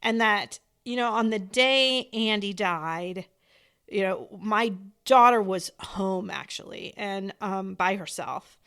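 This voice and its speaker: A woman podcast host telling a story in an earnest, steady conversational way. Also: medium pitch, slow pace, smooth. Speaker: podcast host, bereaved mother.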